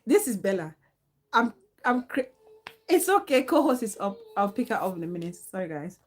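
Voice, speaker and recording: A woman with a mid-range, sing-song voice hosts a casual live talk show at a normal pace. She chats, laughs often, and reads out viewer comments.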